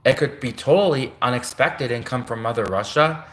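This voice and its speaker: A man's voice: medium pitch, normal speed, a little hiss or hum. A man from Canada rambling on a livestream, correcting himself as he goes. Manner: rambling, self-correcting, addresses a public figure directly.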